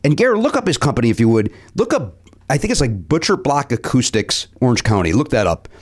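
A man's voice: medium pitch, fast, husky. A middle-aged man hosting a podcast, telling a travel story in casual chat and acting out what others said. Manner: animated, acts out other people's lines. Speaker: podcast host.

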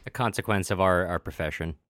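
Deep-voiced man, dry close sound. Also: fairly bright tone, no echo. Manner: summarizes a story and reads quoted passages aloud, with frequent "uh" pauses. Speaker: podcast co-host. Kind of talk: casual book discussion.

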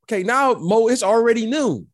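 Animated, emphatic middle-aged man. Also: extremely high pitch, normal speed. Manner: animated storyteller, repeats the host's name, emphatic. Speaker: former basketball player, guest. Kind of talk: casual chat.

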